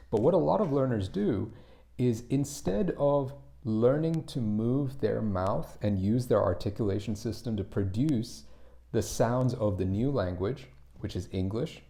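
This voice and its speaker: A man teaching English pronunciation on a live stream, explaining slowly and patiently, demonstrating individual sounds and answering viewers' chat. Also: mid-range voice, creaky, mellow.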